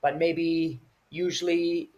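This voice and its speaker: A man's voice: a little high, level tone, slow pace, darkish tone. A man teaching English vocabulary, explaining each word patiently and acting out short example feelings.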